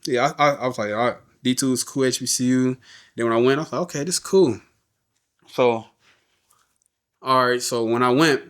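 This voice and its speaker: Man telling his life story casually. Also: mid-range voice. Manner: casual, often repeats words and says "you know what I'm saying". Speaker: podcast guest. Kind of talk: candid personal storytelling.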